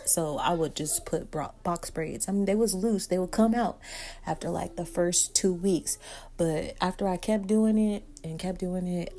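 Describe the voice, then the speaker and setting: Lively woman telling a storytime. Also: fairly low pitch. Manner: animated storyteller who acts out every quote. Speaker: hair vlogger. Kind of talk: casual storytime while doing her hair.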